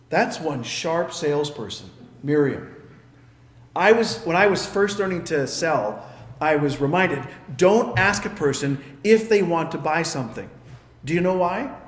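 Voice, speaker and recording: High-voiced man preaching in an echoey room. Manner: storytelling, acting out the characters' lines. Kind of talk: sermon.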